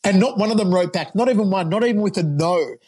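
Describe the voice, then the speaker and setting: An Australian man in his forties, a fight commentator, telling animated stories as a guest on a podcast. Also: sits high, fast talker, slightly rough. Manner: animated storyteller, laughs often. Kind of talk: podcast interview storytelling.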